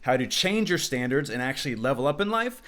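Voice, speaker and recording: A man giving unscripted self-improvement advice to camera in an energetic, slangy way, acting out the people he quotes. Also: mid-range voice, a little fast.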